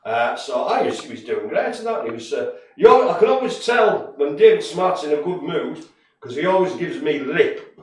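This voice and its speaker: Chatty guy rambling through shout-outs, sounds far from the mic in a really echoey room. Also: on the high side, sing-song, moderate pace. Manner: chatty and jokey, many fillers. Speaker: co-host giving shout-outs. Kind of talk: casual live-stream chat. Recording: echoey room, distant mic, faint noise.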